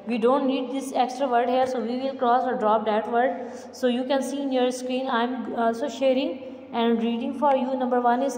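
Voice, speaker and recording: A woman teacher, pitched a little high, talking through exercises at a slow, deliberate pace. Her voice rings in a reverberant room with a faint hum behind it. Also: darkish tone. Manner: slow, deliberate, repeats answers word by word. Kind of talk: online revision lesson.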